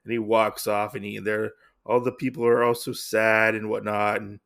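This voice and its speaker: Gravelly man recapping a comic. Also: fairly low pitch, little pitch movement, moderate pace, fairly bright tone. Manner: rambling, heavy on fillers. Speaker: comic podcast host.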